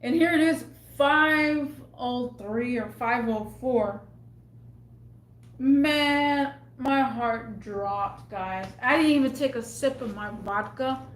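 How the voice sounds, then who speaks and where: A woman's voice: a little high, slow, slight background noise. A young woman vlogger telling a rambling, exasperated story at home in a casual rant. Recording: echoey room.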